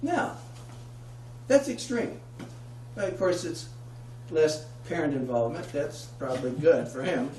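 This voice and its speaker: A man's voice: fairly high pitch, very animated, measured pace, mellow, distant mic, a little hiss or hum. A man giving a conversational public talk, putting questions to his audience. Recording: echoey room, heard from afar.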